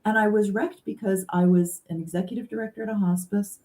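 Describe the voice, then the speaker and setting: A woman guest speaking earnestly and reflectively in a casual conversation, pausing to stress key words. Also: medium pitch, steady tone, a little mellow. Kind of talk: casual conversation about grief.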